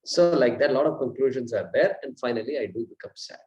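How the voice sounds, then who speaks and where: A man's voice: mid-range voice, animated, fast talker, a little mellow, poor audio. A man teaching a Vedanta class in a conversational lecture style, often repeating himself and asking rhetorical questions.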